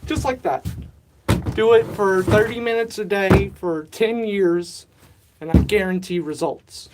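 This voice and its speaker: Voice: medium pitch, unhurried, heavy background noise. A livestream host chatting casually with viewers, rambling and poking fun at themself while working on a home mushroom setup. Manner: rambling, chatty, self-mocking, talks to chat.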